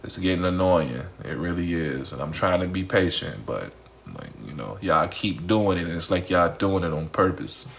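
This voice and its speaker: A man's voice: low voice, lively intonation, normal speed, vocal fry, fairly bright tone, a little hiss or hum. A man casually telling his followers a personal story, repeating phrases, talking straight to the audience and swearing freely.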